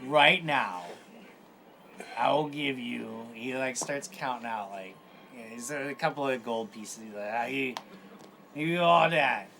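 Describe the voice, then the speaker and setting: A man running a tabletop game as game master, narrating in an animated, laughing way. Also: mid-range voice, a little slow. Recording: loud background noise.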